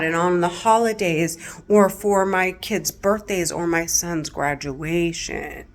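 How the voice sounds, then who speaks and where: A woman's voice: lowish voice, slow pace, few pauses. Agitated, profanity-heavy middle-aged woman. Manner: agitated, heavy swearing, repetitive. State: distressed, close to tears. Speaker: vlogger. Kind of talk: agitated direct-to-camera monologue.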